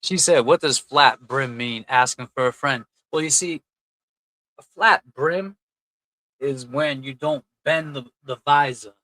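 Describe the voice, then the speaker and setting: A man's voice: mid-range voice, a little slow, sharp tone, dry recording, rough recording. A man hosting a casual livestream, reading out and thanking chat donors in a loose, chatty way. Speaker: livestream host.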